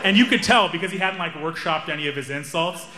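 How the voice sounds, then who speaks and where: A young man doing stand-up, telling a story in an animated, wry, self-amused way. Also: fairly high pitch, quick pace. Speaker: stand-up comedian.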